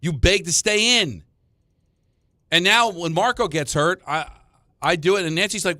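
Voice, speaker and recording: This man co-hosts a sports talk radio show, and his voice is high-pitched and a bit slow, with frequent pauses. He's an animated storyteller who restarts often and repeats words as he gets going. The recording is studio quality, with no room sound.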